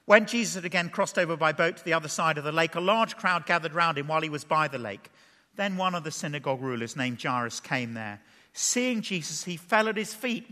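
A man preaching an expository sermon in a church hall. He is lively, asks the audience questions and drops playful asides. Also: high voice, a little fast. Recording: long reverb of a large hall.

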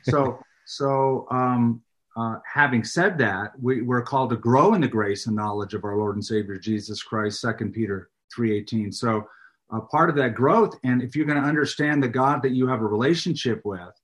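A man's voice: medium pitch, moderate pace. A middle-aged man, a pastor and author, talking as an interview guest with a preacher's emphasis. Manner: animated, speaks with a preacher's emphasis. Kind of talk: casual interview chat.

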